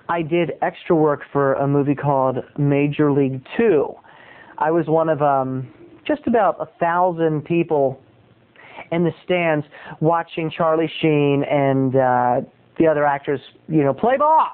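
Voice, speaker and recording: A man telling a comic story as a show host in a theatrical way, his voice often jumping up into high squeaks. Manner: theatrical, with sudden high squeaky jumps in pitch. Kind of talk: comedic storytelling monologue. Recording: tinny lo-fi tape recording.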